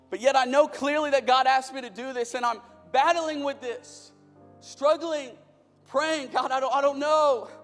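A young man preaching a sermon as a pastor, impassioned, building in bursts and then dropping low. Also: fairly bright tone. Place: church auditorium. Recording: long reverb of a large hall with music.

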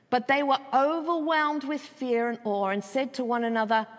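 Woman pastor, sermon, animated storyteller, slightly high voice, long hall reverb. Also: normal speed, hardly any pauses. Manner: expressive storytelling, rhetorical questions.

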